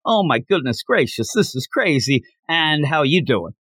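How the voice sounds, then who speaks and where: A man co-hosting a casual comic book review, talking in an animated, lively way. His pitch swings widely as he mimics characters' lines with mock outrage. The sound is dry and close. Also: moderate pace, husky, dry recording. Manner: animated, acts out characters' lines in mocking voices. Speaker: podcast co-host.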